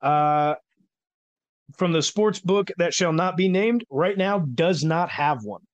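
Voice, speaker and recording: A man's voice: fairly high pitch, lively intonation, takes it slowly, no room sound, lo-fi sound. A man hosting a casual sports podcast, chatty and rambling, with many filler words. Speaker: podcast host.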